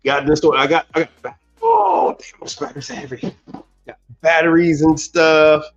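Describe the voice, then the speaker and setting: Man, appliance technician, casual livestream chat, animated, repeats words, dull audio, faint music. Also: on the high side, normal speed. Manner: animated storyteller, repeats words, laughs often.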